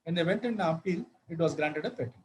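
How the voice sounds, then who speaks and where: A man giving a law lecture, halting often with fillers and restarts and spelling words out. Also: a little high, slight background noise, low-quality recording.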